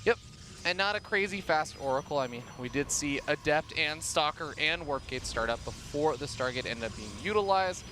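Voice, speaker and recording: A man's voice: a little high, lively intonation, normal speed, pushed and bright, slight background noise. A man casting a live esports match in an upbeat way, laughing easily as he talks through the play. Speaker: esports caster. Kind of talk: play-by-play commentary.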